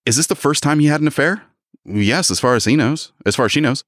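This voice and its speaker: A man's voice: medium pitch, expressive, fairly bright tone, no echo, clean studio sound. Man casually recapping a story. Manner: retells the plot, acting out lines in quick voices. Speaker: podcast co-host. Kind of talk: casual book recap chat.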